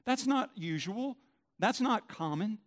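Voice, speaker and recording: A man's voice: high voice, lively intonation, slow pace, voice pushed up. A man putting on the voice of puzzled outsiders who find the church strange. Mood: baffled.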